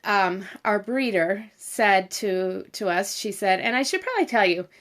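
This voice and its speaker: A woman's voice: medium pitch, expressive, measured pace, a bit bright. A middle-aged woman, chatting and rambling as she tells a story on a livestream, talking to viewers and her dog. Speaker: vlogger.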